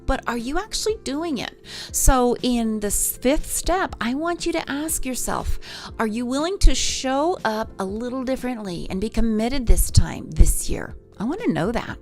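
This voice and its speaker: A woman's voice: fairly high pitch, animated, moderate pace, a little mellow, faint music behind. A woman vocal coach talking on a livestream, encouraging her viewers and reading their comments aloud. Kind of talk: live-stream coaching talk.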